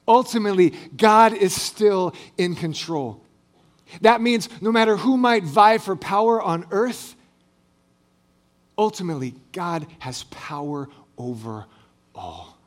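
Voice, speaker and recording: Expressive preacher, a man with a higher voice. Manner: expressive preaching, swelling on big phrases and dropping low and soft at line ends; light humor between scripture readings. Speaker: pastor. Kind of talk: sermon.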